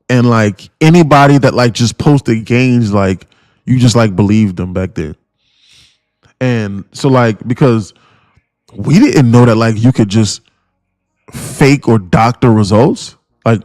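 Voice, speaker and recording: A man's voice: mid-range voice, darkish tone, dry recording. A man streaming live as a day trading mentor, talking in a rambling, profane, casual way with lots of fillers. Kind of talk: casual livestream chat.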